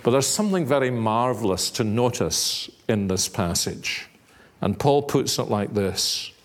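A man preaching a sermon in a measured, earnest way, now and then rising to sudden emphatic stress. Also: mid-range voice, expressive.

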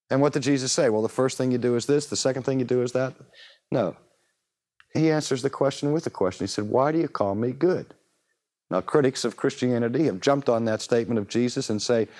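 A man preaching a sermon, emphatic and animated, asking rhetorical questions and changing his voice to act out the people he quotes. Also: medium pitch.

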